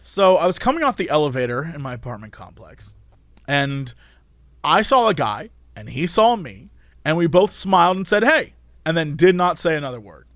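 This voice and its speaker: High, animated male podcast host. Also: normal speed, no room sound, studio quality. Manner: playful, teasing, animated storyteller. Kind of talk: casual comedy podcast chat.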